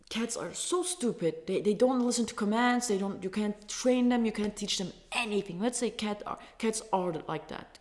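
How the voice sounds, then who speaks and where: A woman from Turkey, a native Turkish speaker, ranting in English with heated, profane talk and stumbling restarts. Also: medium pitch. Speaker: vlogger. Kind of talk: angry casual rant.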